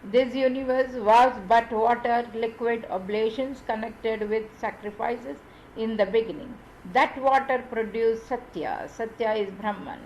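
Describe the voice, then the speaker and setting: A woman reading scripture aloud in a measured, deliberate way, with small slips and restarts. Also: on the high side, lo-fi sound, slight background noise. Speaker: reader of scripture.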